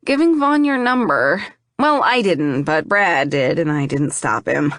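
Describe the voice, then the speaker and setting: A woman reading an audiobook, voicing an affectionate young man who reassures his friend in a gentle, playful way. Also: low-pitched, animated, a little slow, no echo, clean studio sound.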